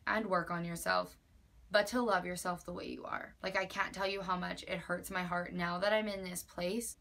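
In her personal vlog, a vlogger in her twenties talks with earnest emphasis, leaning on "like" and repeating phrases, occasionally near tears. Her voice is lowish and a bit bright.

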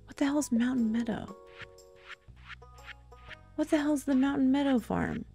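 Woman doing let's play commentary, kinda gravelly, mellow voice, gets all excited and talks to chat. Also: high-pitched, normal speed, faint music behind. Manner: excitable, exclaims and thinks aloud while playing; talks straight to her viewers. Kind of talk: casual gameplay commentary.

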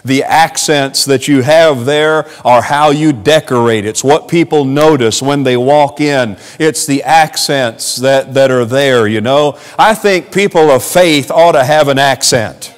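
A pastor from West Virginia with a West Virginia Southern accent and an Amish German first language, preaching a sermon in an earnest, homespun way. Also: male voice, mid-range voice, measured pace, hardly any pauses. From West Virginia, USA. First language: Amish dialect of German. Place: church sanctuary. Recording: long reverb of a church hall.

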